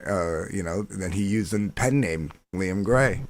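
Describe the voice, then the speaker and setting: A man's voice: a little slow, hardly any pauses. A man telling a long, rambling story in casual, profane chat, often quoting others. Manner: rambling, profane, quotes others in lowered voices.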